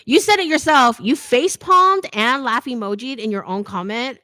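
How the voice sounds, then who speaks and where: A middle-aged woman hosting a casual livestream Q&A, reading comments aloud, chatty and quick to laugh, saying "like" a lot. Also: a little high, sharp tone, no room sound, studio quality. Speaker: fashion YouTuber hosting a live Q&A.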